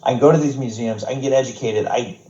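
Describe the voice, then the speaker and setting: A man's voice: medium pitch, fast talker, dark tone. An American man with a mid-range voice tells stories loosely, swearing often and stumbling over restarts. The room sounds echoey and the audio is a little muffled. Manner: profane, rambling, many restarts. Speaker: podcast guest. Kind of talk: casual storytelling. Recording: roomy, dull podcast audio.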